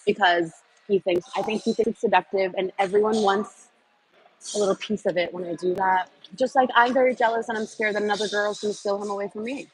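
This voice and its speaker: A woman's voice: mid-range voice, fairly even intonation, fairly quick, faint music behind, poor audio. A woman hosting a casual livestream, rambling from topic to topic with lots of fillers and answering viewer comments as she goes. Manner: scattered, trails off with many fillers. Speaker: livestream host.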